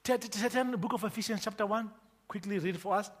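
A man pastor preaching a sermon, emphatic and forceful, constantly quizzing the congregation with repeated questions. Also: high-pitched, quick pace.

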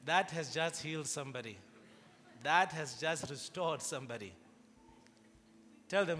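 A man's voice: on the high side, unhurried, long pauses, pushed and bright, in a large hall, a little hiss or hum. A man preaching a sermon to a congregation, prompting them to respond and building to emphatic rises. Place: church.

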